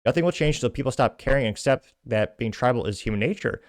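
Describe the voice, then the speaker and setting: Fast-talking man hosting a commentary show. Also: medium pitch, lively intonation, smooth, no echo, studio quality. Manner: brisk, scornful commentary between read-out quotes. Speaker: podcast host. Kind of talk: reading out and commenting on social media posts.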